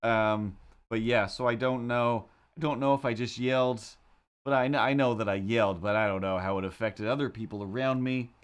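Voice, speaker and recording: A man's voice: mid-range voice, a little fast, smooth. Man, casual streamer, wry rambling storyteller, mid-range voice, desk mic. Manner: rambling, wry storytelling with self-mocking asides. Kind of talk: casual chat while drawing on a livestream.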